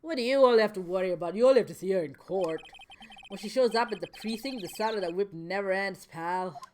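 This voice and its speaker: A woman voicing a gruff, friendly male police detective from a video game, folksy and plain-spoken. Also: medium pitch, brisk, a little mellow, slight background noise, close to an everyday voice. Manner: folksy, says "pal".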